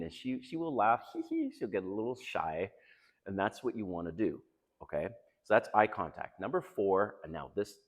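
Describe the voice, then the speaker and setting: A low-voiced man talks through dating advice in a chatty, confiding way, his pitch swinging up and down as he goes. He laughs often between points. A long hall reverb trails behind every line. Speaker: dating coach. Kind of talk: casual advice monologue.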